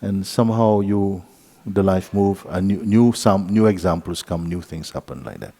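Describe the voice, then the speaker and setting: A man giving a relaxed spiritual talk at a retreat, gentle and playful, often laughing as he tells a story. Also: sits low, normal speed. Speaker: spiritual teacher. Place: retreat hall.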